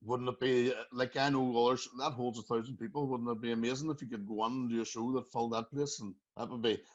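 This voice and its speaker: A man's voice: medium pitch, steady tone, fast talker. A Northern Irish man hosting a casual podcast chat, telling stories and laughing often. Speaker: podcast host. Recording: muffled lo-fi sound.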